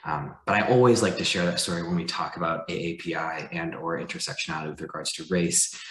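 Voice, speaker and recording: Brief: candid male panelist, low voice, roomy echoey sound. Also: animated, quick pace, vocal fry, fairly bright tone. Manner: candid and conversational, with light laughs. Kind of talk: personal storytelling on a panel.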